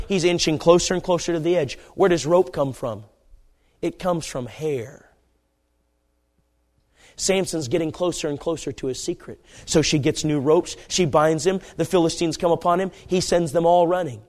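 A man preaching a fiery sermon, dropping to hushed murmurs and then shouting pleas as he acts out the story. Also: fairly high pitch, normal speed. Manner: acts out Bible characters with voices.

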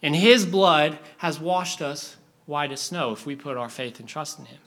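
A young man preaching a sermon in an animated storytelling manner, acting out scenes for his listeners. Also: fairly high pitch, normal speed.

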